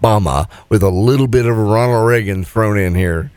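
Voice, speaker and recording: A man's voice: fairly low pitch, fairly quick, a little mellow, no room sound. A man co-hosting a radio show, chatting in a laid-back, agreeable way. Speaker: radio co-host. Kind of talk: casual radio banter.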